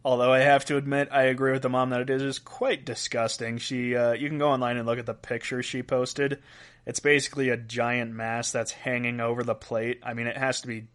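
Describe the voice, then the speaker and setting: A man's voice: medium pitch, fairly bright tone. A young adult man hosting a casual weird-news podcast, reading quotes aloud and chuckling between stories. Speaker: podcast host.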